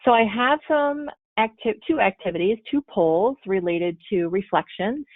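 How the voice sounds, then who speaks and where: A woman's voice: medium pitch, animated, normal speed, dry recording. A woman presenting a training webinar, explaining step by step and giving spoken examples. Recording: tinny phone-like webinar audio.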